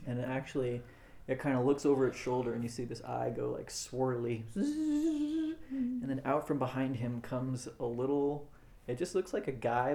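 A man's voice: mid-range voice, gravelly, dark tone. A man running a family tabletop game as game master, narrating playfully and often laughing.

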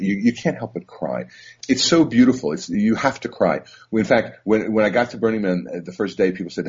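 A man, a therapist, telling a personal story in a halting, reflective way with many fillers and restarts. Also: low-pitched, darkish tone, husky. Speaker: psychotherapist. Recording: dull lo-fi recording.

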